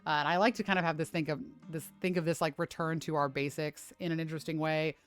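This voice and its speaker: A woman's voice: low voice, fairly even intonation, fast talker, clear, resonant tone, faint music behind. A woman fitness streamer chatting casually on a livestream, swearing freely and ranting with lots of "like".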